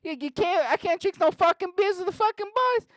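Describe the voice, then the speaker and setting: A man putting on a loud, crude drunk guy who yells in a mock Boston accent. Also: medium pitch, steady tone, takes it slowly, clean tone, no room sound. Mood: drunk yelling.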